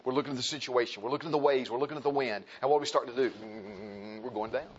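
A man preaching a sermon in an emphatic, animated way, calling out to the congregation. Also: mid-range voice, racing, muffled recording, slight background noise.

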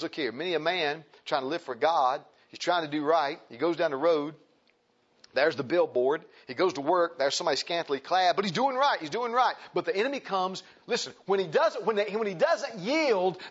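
A pastor preaching in a folksy, animated way, his high voice leaping up and down through every phrase. There is a husky grain to his tone. The recording is dull and lo-fi. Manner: animated, folksy preaching, swings from shouts to hushed. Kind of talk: sermon.

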